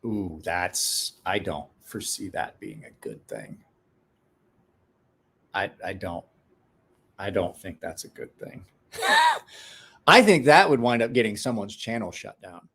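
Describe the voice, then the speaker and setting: A man's voice: fairly low pitch, huge pitch swings, slow pace, creaky, long pauses, a bit bright, breathy edge. A man chatting casually on a live stream, rambling, restarting words, and talking to his dog in between.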